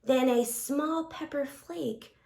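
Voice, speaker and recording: A high-voiced woman librarian reading a picture book aloud to children at an unhurried pace. She reads expressively and playfully. Her voice carries a roomy echo. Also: vocal fry, warm tone. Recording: echoey room.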